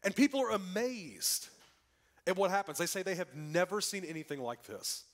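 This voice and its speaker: A man delivers a church sermon in a high, bright-sitting voice. His pitch leaps and falls with great animation. He pushes key lines out loud and then sinks to a near hush for effect. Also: normal speed. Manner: lively preaching with dramatic drops to a hush. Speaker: pastor. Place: church sanctuary.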